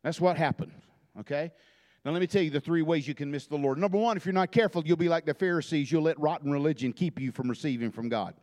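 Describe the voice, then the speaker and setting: A man preaches a fervent church sermon in a notably high voice. He drives his points with repeated phrases and stammering restarts. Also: quick pace, a little mellow. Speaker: guest preacher. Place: church sanctuary.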